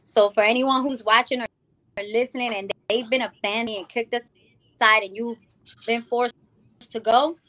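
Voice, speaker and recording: A woman from the Bronx, giving a lively personal testimony as an interview guest and acting out the people she quotes. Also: on the high side, normal speed. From the Bronx, New York. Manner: animated storytelling, acting out quoted people, calls the host "girl". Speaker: guest, music founder.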